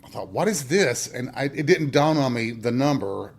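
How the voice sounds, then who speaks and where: A man hosts his own show and tells a personal story straight to his listeners. His voice sits at a middle pitch, neither high nor low. He talks candidly, with wry humor and plenty of swearing. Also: lively intonation, normal speed. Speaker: podcast host.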